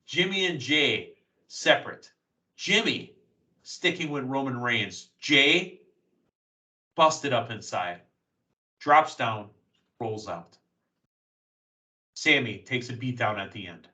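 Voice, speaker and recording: A man hosting a casual wrestling podcast, recapping matches in an excited, storytelling play-by-play manner. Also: mid-range voice, slow, pauses often, recorded from a distance, low-quality recording. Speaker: podcast host.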